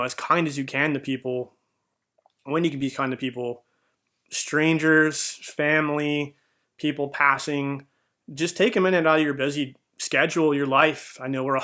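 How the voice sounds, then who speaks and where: A young male vlogger shares a heartfelt personal story, his voice a little high and a bit bright. He tells it earnestly but rambles, with fillers and restarts along the way.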